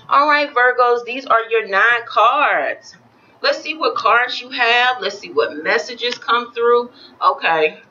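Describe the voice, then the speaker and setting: A woman's voice: a little high, takes it slowly, bright, forceful tone, lo-fi sound, slight background noise. A woman with a Florida accent, chatting to her viewers and giving a tarot reading in an upbeat, chatty way. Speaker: tarot reader. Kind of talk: casual tarot reading to camera.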